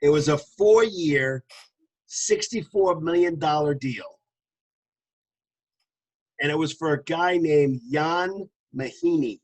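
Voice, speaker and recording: Chatty male podcast co-host, slightly high voice. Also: takes it slowly, long pauses, low-quality recording. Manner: laughs often, storytelling with restarts; jokingly puts on a booming announcer voice. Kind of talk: casual podcast chat.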